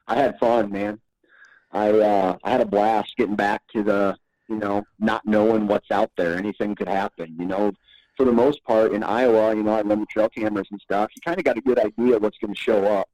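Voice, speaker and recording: A man's voice: fairly low pitch, steady tone, fairly quick, a little mellow, dry recording, rough recording. A man guesting on a podcast, telling stories in a laid-back, rambling way and chuckling often. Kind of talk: casual podcast storytelling.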